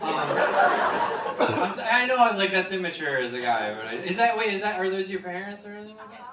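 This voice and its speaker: A man's voice: sits high, animated, fast. Playful male comedy host, echoey hall. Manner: playful, laughing, self-deprecating banter. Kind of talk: stand-up crowd work. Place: large theater on stage. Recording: echoey hall, distant mic, loud crowd. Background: loud audience laughter.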